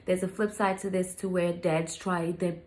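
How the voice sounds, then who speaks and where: A woman's voice: on the low side, level tone, moderate pace, darkish tone. A young adult woman telling a personal story to her viewers, candid and venting, often calling them "you guys". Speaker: vlogger.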